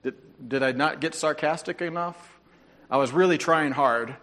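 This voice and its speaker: A man's voice: a little high, moderate pace, fairly bright tone. A man preaching a sermon, reading scripture aloud with playful, sarcastic asides. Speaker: pastor.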